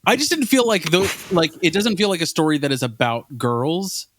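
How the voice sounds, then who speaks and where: A man's voice: a little high, lively intonation, moderate pace, noisy background. A man guesting on a film podcast, sharing earnest opinions with many "likes". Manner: earnest, leans on "like". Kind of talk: casual film discussion.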